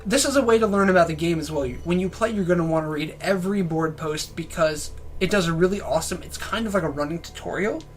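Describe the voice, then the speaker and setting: A man's voice: a little high, quick pace, hardly any pauses, soft background music. Nasal guy just over a cold. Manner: joking, rambling, trails off. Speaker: game reviewer playing and commenting. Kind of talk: casual gameplay commentary.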